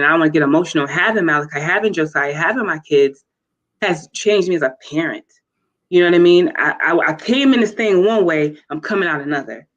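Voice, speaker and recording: A woman's voice: sits low, rough recording. A woman guest sharing a heartfelt personal testimony as a mother, speaking in an earnest way. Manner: earnest, heartfelt, warm storytelling. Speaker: guest, mother of children with special needs. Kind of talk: personal testimony in a talk show interview.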